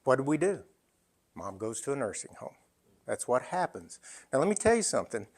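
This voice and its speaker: A man in his sixties giving an emphatic storytelling talk, full of dramatic pauses. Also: mid-range voice, sing-song. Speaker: speaker.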